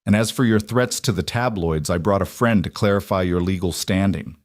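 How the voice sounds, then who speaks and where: A man reading the lines of a cold, composed young royal woman in a flat, measured tone. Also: low voice, no room sound, studio quality, lightly acted.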